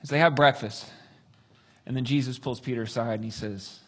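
A man preaching a sermon, telling a story with lively, acted-out dialogue. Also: mid-range voice, brisk, husky. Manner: animated storytelling, acts out voices. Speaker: pastor.

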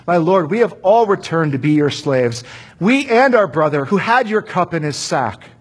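A man's voice: fairly high pitch, sing-song, moderate pace, slightly rough. A man as Judah, humbly pleading. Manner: pleading, earnest.

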